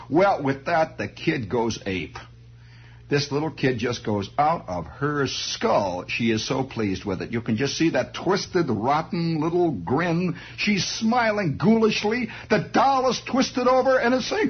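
A male comedian with a husky voice telling a rambling, stammering comic story on a dull lo-fi recording. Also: high-pitched, sing-song, slow. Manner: rambling and stammering, with sudden bursts.

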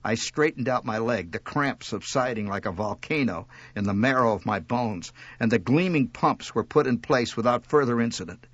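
A man reading a humorous story with wry, expressive narration. His pitch swings widely and his voice has a husky grain. The sound is dry and close to the mic. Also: moderate pace, hardly any pauses, no room sound. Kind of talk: scripted narration.

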